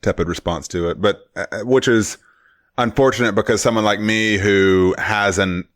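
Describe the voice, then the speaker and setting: A man's voice: fairly low pitch, steady tone, normal speed, fairly bright tone, no echo, studio quality. A man co-hosting a podcast in casual chat, rambling and wry, often correcting himself. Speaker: podcast co-host.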